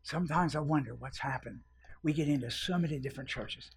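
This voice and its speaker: A male preacher with a fairly high, gravelly voice and a very raspy, husky edge. He delivers his sermon in waves, falling to breathy whispers and then climbing to loud, fervent cries. He repeats key phrases over and over for emphasis. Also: brisk.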